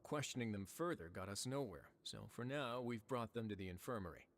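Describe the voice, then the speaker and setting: An actor playing a calm, authoritative male warden who talks in a measured, dry way, from a video game. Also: fairly low pitch, slight background noise, natural voice. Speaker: prison warden.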